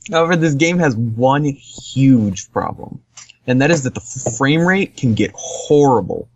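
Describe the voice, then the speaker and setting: A man's voice: medium pitch, lively intonation, measured pace, muffled recording. A man co-hosting a podcast, casually rambling through a game review with lots of fillers and easy laughs. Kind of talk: casual chat.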